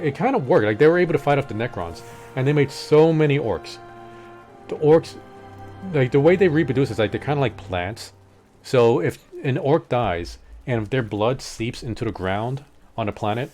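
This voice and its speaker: A man's voice: mid-range voice, a little mellow. A man streaming a game and chatting casually, wandering through long lore explanations with plenty of fillers. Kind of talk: casual gaming chat.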